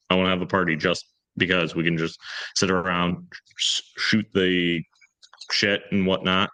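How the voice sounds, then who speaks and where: Man, thirties, deep bright voice, dry close mic, rambling storyteller. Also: no echo. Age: 30s. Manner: rambling, self-deprecating, acts out quoted dialogue. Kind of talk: casual storytelling chat.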